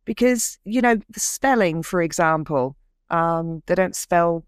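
A woman's voice: on the low side, lively intonation, unhurried, smooth, no echo, clean studio sound. A woman hosting a podcast, asking curious, hesitant questions with many fillers. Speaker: podcast host. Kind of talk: conversational interview.

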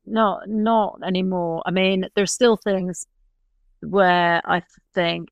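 Guesting on a podcast, a woman with a British accent chats casually in a conversational interview, laughing often and letting sentences trail off. Her voice is fairly low, clear and resonant, slow, with fairly even intonation, on a muffled recording with no echo.

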